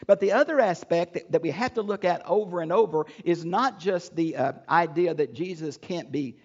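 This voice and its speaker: A man's voice: on the high side, normal speed, darkish tone, muffled recording. An older man giving an earnest, emphatic Bible lecture as a teacher, often restarting his phrases.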